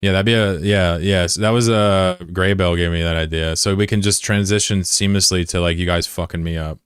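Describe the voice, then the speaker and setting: A man streaming as the developer of his own game, chatting casually and swinging between excited shouting and muttered frustration. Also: deep voice, brisk, clean tone, dry recording, clean studio sound. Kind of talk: casual livestream chat.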